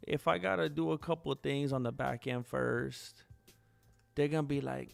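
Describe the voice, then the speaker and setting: A man's voice: mid-range voice, steady tone, moderate pace, vocal fry, no echo, soft background music. A man hosting a livestream in casual chat, rambling and self-deprecating with loose slang, feeling sluggish today. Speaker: livestream host. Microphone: wearing headphones, no monitor.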